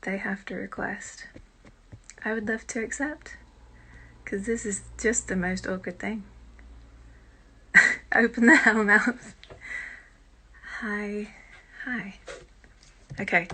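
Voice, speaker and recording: British woman, live-stream host, bright tone, self-deprecating chatter into a phone mic. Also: mid-range voice, steady tone, a little slow, pauses often, a little hiss or hum. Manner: chatty and self-deprecating, with quiet muttered asides. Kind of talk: casual live-stream chat.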